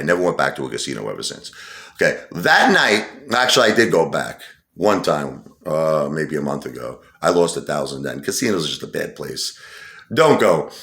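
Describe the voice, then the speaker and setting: A channel host's deep, gravelly voice, pushed and bright, echoes around the room as he relates a lengthy personal story in casual monologue form, rambling defensively and going over the same points again and again.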